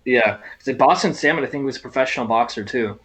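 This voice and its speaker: A man in loose podcast banter, quick to get worked up and crack jokes. He swears freely. His voice sits at an average pitch. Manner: excitable, profane, jokey. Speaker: podcast co-host. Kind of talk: casual podcast chat.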